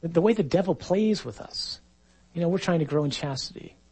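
Priest guy preaching, kinda husky, a bit high for a man, chatty. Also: animated, brisk, a little mellow, low-quality recording. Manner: conversational preaching, acts out quoted voices. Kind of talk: sermon.

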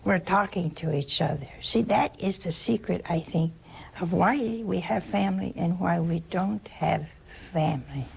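An older woman from the United States, a religious sister giving an informal spiritual talk in a chatty, anecdotal and gently humorous way. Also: lowish voice, a little slow, vocal fry, breathy edge.

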